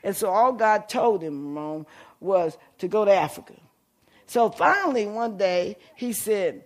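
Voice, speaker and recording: A middle-aged man preaching a sermon, telling a story and calling out to the congregation, rising to shouts at the peaks. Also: high voice, expressive, moderate pace. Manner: fervent call-and-response preaching, shouting at peaks.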